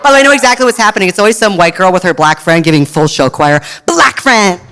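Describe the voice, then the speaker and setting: A man in his thirties performing stand-up comedy as a drag queen, with a sarcastic, punchy delivery and deadpan asides. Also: high voice, very fast, background noise. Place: comedy stage before a crowd. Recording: live audience laughing and clapping.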